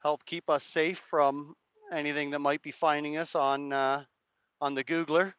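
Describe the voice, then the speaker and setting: Man, hoarse live streamer, rambling and hedging, crisp bright tone, dry lo-fi sound. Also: on the high side, flat delivery, normal speed, no echo. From Canada. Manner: rambling, hedging, chats to viewers' comments. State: hoarse, cracked voice. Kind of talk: casual live-stream commentary. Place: outdoors at a street rally.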